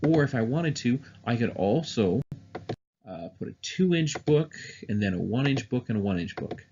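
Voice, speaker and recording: A man's voice: medium pitch, animated, normal speed, dull audio, background noise. A man teaching music theory in a recorded online lesson, explaining step by step with frequent "uh" and "um" fillers.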